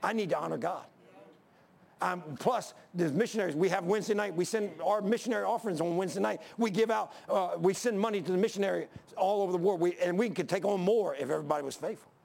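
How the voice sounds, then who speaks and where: A man's voice: sits high, quick pace, creaky, hardly any pauses, a little mellow. An older man preaching a sermon in church, emphatic, folksy and repetitive, driving home each point. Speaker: pastor.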